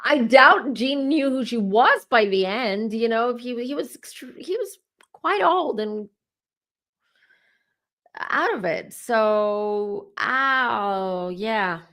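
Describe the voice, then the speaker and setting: Animated woman tarot reader, high voice. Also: slow pace. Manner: animated, exclaiming, repeats herself. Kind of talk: casual tarot reading vlog.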